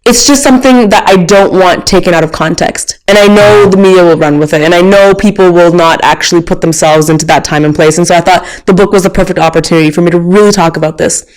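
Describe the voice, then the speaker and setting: A woman in her thirties, a guest author on an interview, talking candidly in a lively way. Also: lowish voice, fast, hardly any pauses, rough recording. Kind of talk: conversational interview.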